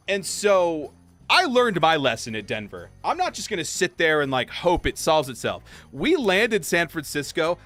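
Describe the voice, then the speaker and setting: A young man livestreaming, casually telling a story while gaming, acting out quotes in high voices. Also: wildly swooping pitch, measured pace, a bit bright. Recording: faint game music behind.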